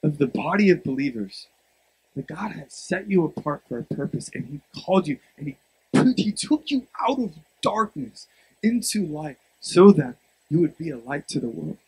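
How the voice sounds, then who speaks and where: Husky-voiced man preaching with emphatic swings. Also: fairly high pitch, expressive, moderate pace, poor audio. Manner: emphatic, swings from quiet storytelling to loud exhortation. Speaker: pastor. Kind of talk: sermon.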